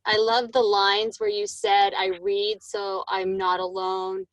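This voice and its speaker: A woman's voice: medium pitch, little pitch movement, takes it slowly, poor audio. A woman in a writing workshop giving admiring, careful feedback. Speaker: workshop participant. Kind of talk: casual chat.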